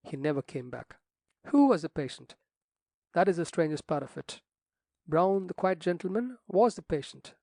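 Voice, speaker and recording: A man's voice: on the high side, expressive, normal speed, gravelly, a little mellow, no room sound, clean studio sound. A man doing a fussy, flustered old rector. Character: fussy elderly male country rector.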